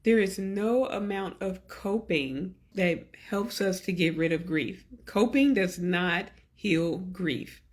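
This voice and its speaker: A woman hosting a podcast, talking earnestly to her listeners and gently coaching them in slow, deliberate phrases. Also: on the low side. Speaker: podcast host. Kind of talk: reflective solo podcast talk.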